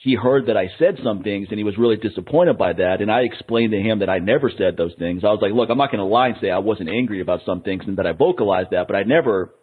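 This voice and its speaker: Fast-talking husky man hosting. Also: on the low side, narrow, tinny audio. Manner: fast, heated, frequent restarts. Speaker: podcast host. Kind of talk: casual chat.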